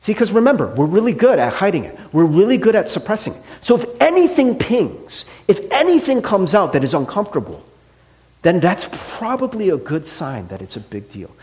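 Animated, chatty pastor, lively pitch. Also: male voice, a little fast. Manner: conversational, animated, many "like" and "right?" fillers, acts out quotes. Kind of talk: casual sermon.

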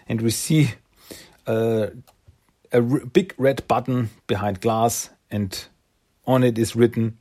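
A man talks through a comic book story in a loose, rambling way, filling gaps with "uh" and "like". His voice is husky and sits in a mid range. It sounds like a casual fan recap. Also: mid-range voice, fairly even intonation, slow pace, pauses often, warm tone. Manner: rambling with fillers, slips into character voices.

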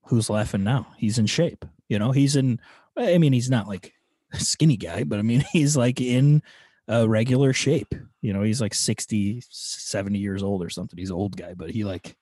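A man's voice: on the low side, normal speed, warm tone, husky, no echo, studio quality. A man chatting in a laid-back way, full of fillers like "you know" and "I mean," easily agreeing. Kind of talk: casual chat.

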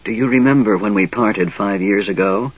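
A man voicing a frail, cold young mage in a soft, wheezing, hissing whisper. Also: lowish voice, moderate pace, husky, lo-fi sound.

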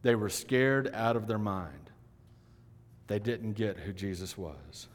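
A male pastor delivering a sermon, swinging between loud emphatic lines and hushed, quiet ones. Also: on the low side, expressive, takes it slowly. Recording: long hall reverb.

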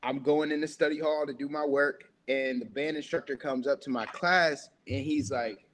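A man's voice: on the high side, steady tone, normal speed, a bit bright, slight background noise. A young man telling a loose, rambling story as a podcast guest, full of filler words. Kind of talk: casual storytelling.

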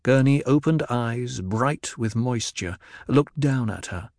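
Man, narrating a novel, measured, mid-pitched, dry studio sound. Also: creaky, darkish tone, no echo. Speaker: audiobook narrator. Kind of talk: scripted narration.

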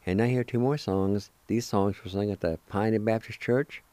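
A man from Oklahoma giving a recorded language lesson, slowly spelling out words and repeating each one with encouragement. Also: on the low side, warm tone, no room sound. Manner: slow, careful, spells words letter by letter and repeats them. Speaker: language teacher and show host.

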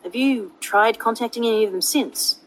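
A woman voicing a gentle young male wizard who speaks quietly and carefully. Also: a little high, normal speed, lightly acted, rough recording.

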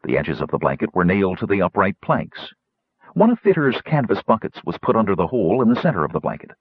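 A man narrating a fantasy story in an expressive reading voice. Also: deep voice, quick pace, slightly rough. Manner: expressive, voicing many characters. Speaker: audiobook narrator. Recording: dull lo-fi audiobook recording.

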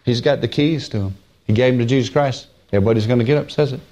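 A male preacher delivers a plainspoken, folksy sermon on Scripture. He leans hard on key phrases, drawing them out slowly. Between those raised, high-pitched stresses he drops into quiet, low asides. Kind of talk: folksy Bible-teaching sermon.

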